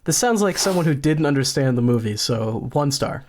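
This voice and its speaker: A man's voice: mid-range voice, expressive, normal speed, a little mellow, a little hiss or hum. A man co-hosting a casual podcast, making dry jokes. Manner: dry, joking remarks. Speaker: podcast co-host. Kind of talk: casual chat.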